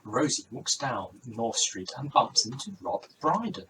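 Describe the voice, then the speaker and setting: A man's voice: medium pitch, very animated, unhurried, hardly any pauses, fairly bright tone, a little hiss or hum, poor audio. A man narrating his homemade game, reading scene titles and adding casual asides.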